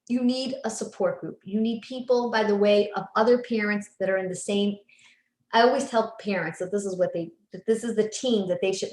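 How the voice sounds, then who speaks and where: Lively storytelling woman in a roomy room. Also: medium pitch. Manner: animated storyteller, quick restarts. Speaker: psychologist guest. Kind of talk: casual interview chat. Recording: roomy echo.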